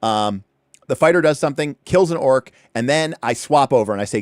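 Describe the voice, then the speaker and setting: A man hosting a livestream, casually walking through a rulebook, with animated, chatty asides and points repeated for emphasis. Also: mid-range voice, fairly quick, no echo, studio quality. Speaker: livestream host.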